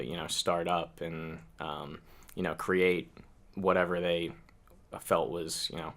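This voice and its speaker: A man's voice: deep voice, flat delivery, unhurried, fairly bright tone. A man, a company co-founder, answering interview questions casually and unhurriedly, with many fillers.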